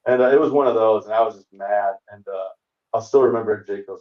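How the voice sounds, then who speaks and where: A comedian in his forties telling a story in a relaxed chat, acting out other people's lines as he goes. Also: lowish voice, fast talker. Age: 40s. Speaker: comedian guest. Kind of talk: storytelling anecdote in casual chat. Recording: roomy, distant, dull remote call audio.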